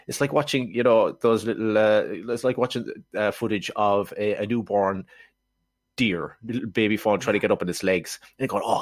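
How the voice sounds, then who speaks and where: A man co-hosting a film podcast, talking in a quick, sardonic, joking way. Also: lowish voice, no room sound. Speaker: podcast co-host. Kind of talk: casual film discussion.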